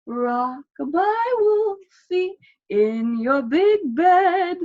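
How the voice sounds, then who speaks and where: A woman's voice: on the high side, lively intonation, normal speed, pitched above the performer's own voice. A woman voicing a sly, hungry male wolf with oily, falsely sweet charm, in a dull lo-fi recording. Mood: sentimental.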